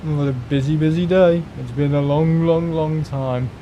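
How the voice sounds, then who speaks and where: A man's voice: fairly high pitch, steady tone, moderate pace, warm tone, slight background noise, low-quality recording. A young man, chatting casually on a live stream, rambling and grumbling as he talks. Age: young adult. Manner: rambling, grumbling, mimics other people in asides.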